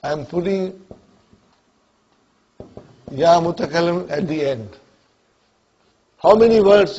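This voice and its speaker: This Arabic grammar teacher has a higher voice with a darkish tone, speaking slowly and pausing often, heard through lo-fi sound. He regularly checks comprehension and calls on individual students by name.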